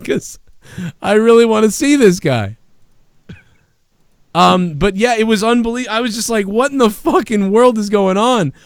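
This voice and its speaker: A man's voice: sits high, smooth, no room sound, studio quality. A man hosting a podcast, telling a long story in casual, profane, rambling talk. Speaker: podcast host. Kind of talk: casual chat.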